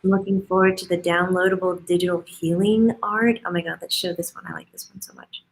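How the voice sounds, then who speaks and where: Female host, lower register, effusive interview chat. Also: steady tone, brisk, low-quality recording. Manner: gushing, effusive.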